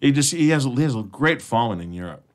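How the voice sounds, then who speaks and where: A man's voice: mid-range voice, animated, fast talker. A man hosting an internet radio show, chatting casually with his co-hosts, laughing often, rambling and swearing freely. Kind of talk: casual chat.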